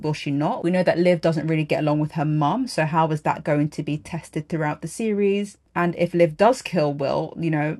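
A woman's voice: sits low, a little mellow. A woman hosting a podcast and giving a frank, opinionated review of a TV drama episode in a casual solo monologue. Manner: frank, opinionated, wry with light laughs.

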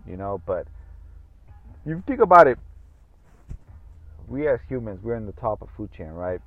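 A man's voice: fairly low pitch, big pitch swings, normal speed, gravelly, long pauses. A man hosting a podcast in casual solo talk, rambling and swearing freely with lots of fillers. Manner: rambling, profane, full of fillers. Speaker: podcast host. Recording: tinny phone-like audio.

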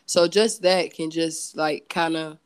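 A woman's voice: deep voice, fairly even intonation, takes it slowly, dry recording. A woman guest on a podcast, talking in a loose, candid way with many fillers and self-corrections. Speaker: podcast guest, entrepreneur and singer. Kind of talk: casual chat.

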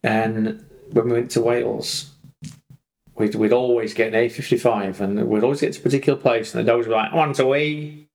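A man co-hosting a podcast with a mid-range voice. He chats in an animated way and now and then slips into playful voices for his dogs. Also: mid-range voice, fairly quick, gravelly, roomy sound, low-quality recording. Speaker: podcast co-host. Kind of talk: casual chat.

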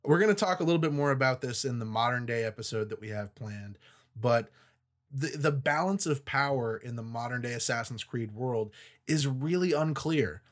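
A man co-hosting a podcast, chatting casually and critically about an audio drama, opinionated and quick to laugh. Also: mid-range voice. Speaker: podcast co-host. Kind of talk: casual review chat.

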